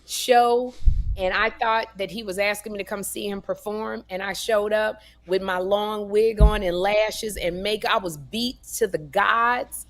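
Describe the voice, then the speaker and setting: A woman co-hosting a comedy podcast, telling stories in a sassy, animated way and acting out voices. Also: mid-range voice, a little slow. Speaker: podcast co-host. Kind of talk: casual comedic storytelling.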